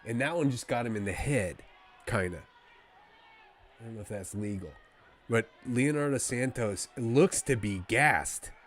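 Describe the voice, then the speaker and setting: A man giving casual live play-by-play of a fight to his stream viewers, rambling and excitable like a fan, talking to the chat between calls. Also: medium pitch, unhurried.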